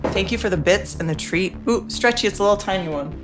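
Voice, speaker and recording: A woman's voice: medium pitch, quick pace, music in the background. A young woman hosting a stream from home, chatting casually and giving playful, coaxing commands to her dog. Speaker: livestream host. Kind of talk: casual chat while training a dog.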